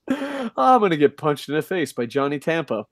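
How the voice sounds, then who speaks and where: A man co-hosting a casual podcast, ranting loudly with lots of swearing. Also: on the high side, dry recording. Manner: loud, profane ranting. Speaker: podcast co-host.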